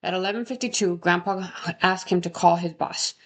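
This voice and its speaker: This is casual chat from a young woman whose pitch sits fairly low and whose pace is a little fast. She rambles through a true crime case, correcting herself along the way and asking plenty of rhetorical questions.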